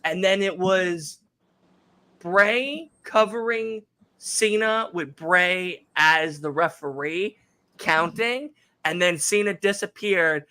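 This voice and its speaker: A man around thirty with a bright, forceful voice, set a little high for a man, talks through a casual podcast chat. He tells his stories animatedly, acts out the quotes and swears freely. The sound is close and dry. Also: slow, smooth, no echo. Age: 30s. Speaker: podcast co-host.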